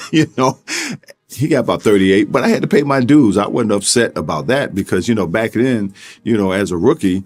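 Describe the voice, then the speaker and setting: A low-voiced man tells a story from his rookie year in a casual interview. He chuckles along the way and keeps slipping in "you know". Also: normal speed, husky. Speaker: former player recalling rookie year.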